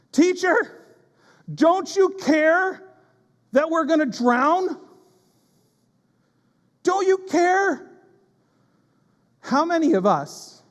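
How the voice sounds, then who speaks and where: A man preaching a sermon as pastor, animated and conversational, with quick asides and acted-out voices. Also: high voice. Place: church sanctuary. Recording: long hall reverb.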